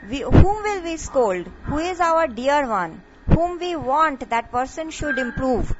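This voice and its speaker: A woman telling a devotional story and teaching from it, in a halting way with many fillers and restarts. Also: high-pitched, big pitch swings, very noisy. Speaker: devotional speaker. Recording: muffled lo-fi recording.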